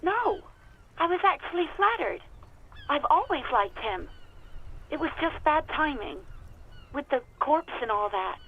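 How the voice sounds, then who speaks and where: A gentle wistful woman on the radio, high voice, slightly dull sound, game character. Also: very animated, a little slow, long pauses, a little hiss or hum, heavily acted. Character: woman talking to a cop over the radio.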